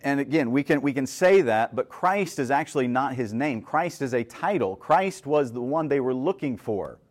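Reading from scripture and unpacking it in a conversational style, a preacher speaks at a moderate pace in an expressive, medium-pitched voice. He often asks his audience rhetorical questions and frequently adds "right?"

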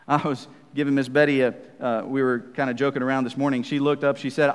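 A man preaching a sermon in a conversational, emphatic way, swinging between loud and soft. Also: mid-range voice, fairly even intonation, fairly quick, big-room sound.

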